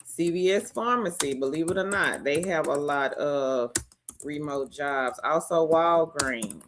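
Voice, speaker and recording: A woman's voice: sits low, unhurried, background noise. A woman hosting a casual live stream, greeting each viewer by name and reading out their comments.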